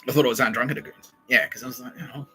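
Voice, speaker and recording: A man's voice: mid-range voice, fairly even intonation, racing, pushed and bright, faint music behind, low-quality recording. A young man hosting a podcast, telling a rambling, profane comic monologue, laughing often. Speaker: podcast host. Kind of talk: casual comedic monologue.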